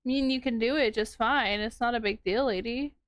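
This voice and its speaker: A woman's voice: fairly high pitch, brisk, fairly bright tone, dry recording. A woman streamer chatting casually with her live chat while winding yarn, laughing often and reacting to comments.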